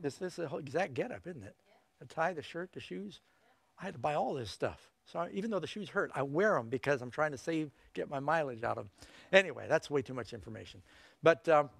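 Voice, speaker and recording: A man's voice: fairly high pitch, creaky, dry recording. A middle-aged male preacher giving an evangelistic sermon in a folksy, emphatic way, with joking asides.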